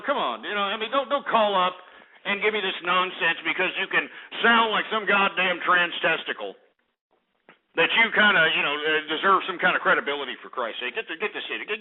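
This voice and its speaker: A man hosting a call-in radio show, brash, profane and mocking toward callers. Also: a little high. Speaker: radio talk show host. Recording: phone-like lo-fi radio with faint music.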